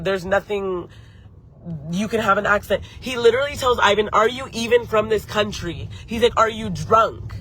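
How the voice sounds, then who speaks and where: A woman tells a story live to her viewers, heated and full of swearing. Her voice is bright and sharp. She keeps breaking off to answer comments from the chat. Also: mid-range voice, a little hiss or hum. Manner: heated, profane, talks straight to viewers. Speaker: beauty channel host. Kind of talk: live-streamed story time.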